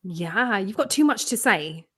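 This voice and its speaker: A woman podcast host in a casual interview, with a lively, varied pitch. She mostly offers brief, supportive affirmations and the occasional curious question. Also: unhurried, a crowd in the background.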